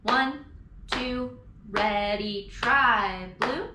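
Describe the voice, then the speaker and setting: Slow, echoey woman music teacher. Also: a little high. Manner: slow, clear, counting beats and chanting rhythms aloud. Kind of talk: recorded online music lesson for children. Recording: echoey room with background noise.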